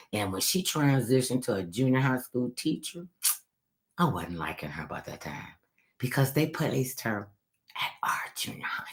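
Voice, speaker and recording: A middle-aged woman telling family stories in a casual monologue, animated, acting out quotes and swinging from loud to hushed. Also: a bass voice.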